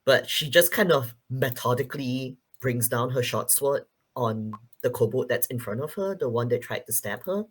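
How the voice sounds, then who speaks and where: Husky man narrating his character's actions. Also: medium pitch, moderate pace, hardly any pauses. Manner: calm, descriptive narration of actions. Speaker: player. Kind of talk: tabletop role-play narration.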